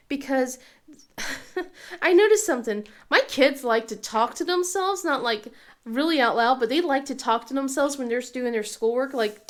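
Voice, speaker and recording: A woman in her thirties chatting casually about her family in a rambling way, with many ums and frequent laughs. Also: on the high side. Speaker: craft vlogger and mother. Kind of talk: casual chat.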